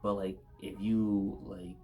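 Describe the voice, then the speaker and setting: A man co-hosting a casual faith conversation, halting and full of fillers, with a stutter. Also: low voice, flat delivery, dark tone. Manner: halting, many fillers, laughs easily. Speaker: podcast co-host.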